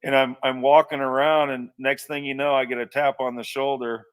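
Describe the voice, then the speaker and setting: A man's voice: mid-range voice, little pitch movement, moderate pace, clear, resonant tone, distant mic. A man telling a long personal anecdote in a casual, rambling way, full of restarts and asides. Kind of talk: casual storytelling.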